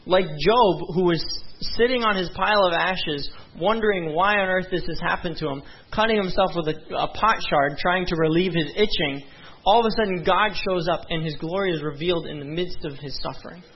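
A man's voice: high voice, fairly quick, breathy edge. Young man, pastor, conversational sermon, earnest, frequent asides, muffled lo-fi sound. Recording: dull lo-fi sound.

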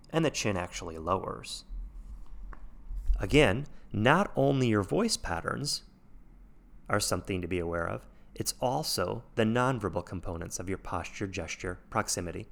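A man hosting an instructional podcast, speaking in a measured, deliberate way that shows off his intonation. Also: on the low side, gravelly, fairly bright tone. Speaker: podcast host.

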